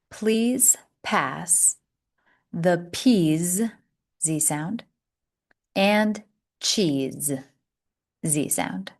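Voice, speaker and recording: Slow, deliberate woman teaching pronunciation. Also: lowish voice, lively intonation. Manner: slow, deliberate, drawn-out words for repetition; encouraging teacher tone. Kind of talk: slow, clear pronunciation lesson.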